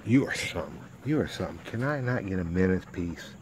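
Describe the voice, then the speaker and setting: A man's voice: sits low, expressive, fast talker, darkish tone, slight background noise, poor audio. A man, a dog breeder, chatting casually and coaxingly to his dogs in a home video. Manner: doting, coaxing talk to his pets.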